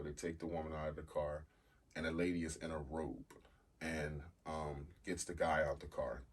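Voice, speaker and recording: A man's voice: extremely low pitch, breathy edge, recorded from a distance. A man co-hosting a podcast in casual chat, telling stories and swearing freely. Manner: storytelling, swears casually, laughs loudly when amused. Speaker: podcast co-host.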